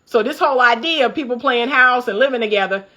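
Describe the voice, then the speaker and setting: High bright fired-up woman. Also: fast, highs cut off. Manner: fired-up, preachy, laughs often, talks straight to viewers. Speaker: relationship coach. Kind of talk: casual commentary vlog. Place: upstairs room by a window at home.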